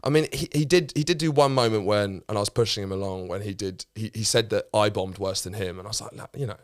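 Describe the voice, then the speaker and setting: Male comedian, low voice, rambling anecdote, dry close sound. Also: quick pace, dry recording. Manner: rambling, restarts, swears freely. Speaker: comedian guest. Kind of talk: casual anecdote telling.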